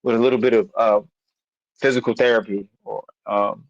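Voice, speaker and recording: This sports podcast host runs a casual live chat, rambling through fillers and slipping into playful sing-song chants. He speaks at a medium pitch with fairly even intonation and a moderate pace, recorded on a dull, dry lo-fi mic with no room sound.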